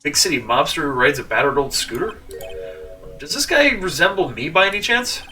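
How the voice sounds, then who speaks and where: A man's voice: on the high side, animated, brisk, bright, forceful tone. A man reading a dry, sarcastic young lawyer. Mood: wry. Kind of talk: reading game dialogue aloud. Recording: distant mic with game music.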